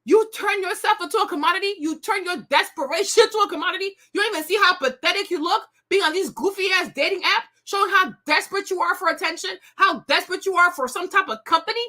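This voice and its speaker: A woman's voice: extremely high pitch, quick pace, few pauses, sharp tone. A woman hosting a commentary show, ranting bluntly and scathingly with bursts of laughter. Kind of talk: opinionated commentary rant.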